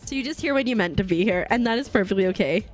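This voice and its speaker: A woman's voice: medium pitch, animated, racing, soft background music. A woman streaming a game live, chatting casually, laughing often and greeting her chat viewers. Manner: bubbly, giggly, greets chat viewers warmly.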